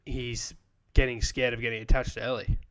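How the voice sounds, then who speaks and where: A man's voice: medium pitch, flat delivery, brisk, a bit bright. Man rambling through a casual recap. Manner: rambling recap with many fillers, asks questions. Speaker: podcast co-host. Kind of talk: casual chat.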